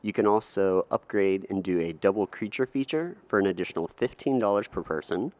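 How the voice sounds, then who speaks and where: A man co-hosting a podcast, laying out topics in a relaxed, methodical way. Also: sits low, brisk. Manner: relaxed, methodical, lays out segments. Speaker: podcast co-host. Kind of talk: casual chat.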